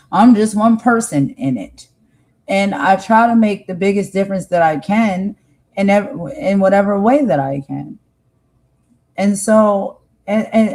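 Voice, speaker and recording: An American woman talks straight to her viewers on a livestream in a soft, mellow tone. She is heartfelt and earnest and says her points more than once. Her voice sits at an ordinary middle pitch for a woman. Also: rough recording. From United States. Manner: heartfelt, repeats herself for emphasis, speaks straight to viewers. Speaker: livestream host.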